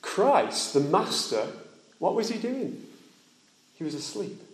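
Speaking very animatedly and at a slow pace, a man delivers a plain-spoken sermon in an echoey room. He asks his audience direct questions and goes quiet and low when the message turns solemn.

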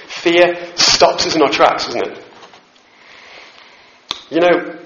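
A man's voice: a little high, takes it slowly, noisy background. A man preaching a sermon in a church hall, conversational and self-deprecating, with asides to the room. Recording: roomy, slightly dull hall recording.

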